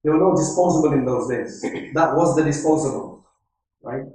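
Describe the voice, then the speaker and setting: A man lectures on faith, weaving in stories and Arabic quotations and asking "right?" along the way. His voice sits a little high and sounds dark and mellow. He stands well back from the microphone in a strongly reverberant hall. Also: normal speed. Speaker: Islamic scholar lecturing. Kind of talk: religious lecture. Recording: echoey hall, speaker far from mic.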